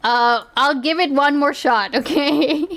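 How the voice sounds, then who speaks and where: A woman's voice: high voice, takes it slowly, a bit bright. A woman streamer chatting casually and reacting to clips, giggling and rambling as she restarts her sentences.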